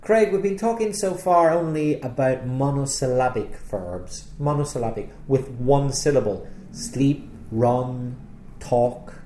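A man with a British accent, teaching English spelling rules patiently and clearly in a podcast lesson. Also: medium pitch, animated, measured pace, warm tone, roomy sound, a little hiss or hum.

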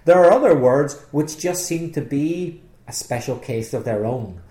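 A man's voice: a little high, lively intonation, unhurried, warm tone, echoey room. Patient British male English teacher. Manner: patient, clear, explanatory. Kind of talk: explaining spelling rules in a podcast lesson.

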